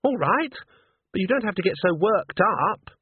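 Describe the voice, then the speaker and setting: A man voicing a silly, airheaded young female singer who talks in a high, drawn-out, dismissive way. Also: animated, husky, no echo, full character voice. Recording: dry, tinny phone-like sound.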